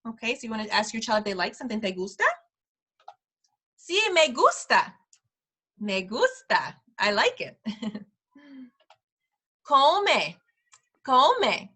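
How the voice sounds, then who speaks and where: A woman leading a friendly parent language class, repeating phrases slowly for learners and laughing often. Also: fairly high pitch, very animated, sharp tone, breathy edge. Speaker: preschool director teaching a parent Spanish class.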